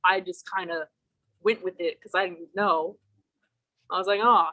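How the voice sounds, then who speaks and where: A woman's voice: mid-range voice, normal speed, pauses often. Profane woman telling a story. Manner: profane, animated storytelling with acted-out quotes. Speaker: podcast guest. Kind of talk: casual storytelling chat. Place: home, remote call.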